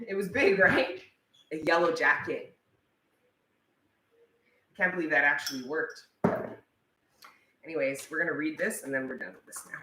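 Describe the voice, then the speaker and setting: A woman giving a casual tarot reading in a chatty manner, swearing freely and reading the card text slowly. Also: sits low. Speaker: tarot reader. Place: indoors, room with a live wasp. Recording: echoey room, faint background noise.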